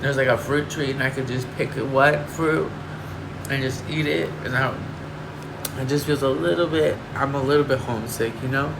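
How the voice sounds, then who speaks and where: A man's voice: mid-range voice, fairly even intonation, normal speed, gravelly. Confiding man livestreaming over air-con hum. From Northern California. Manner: confiding, emotional, rambling with many fillers. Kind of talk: casual livestream chat with viewers. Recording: air conditioner hum behind.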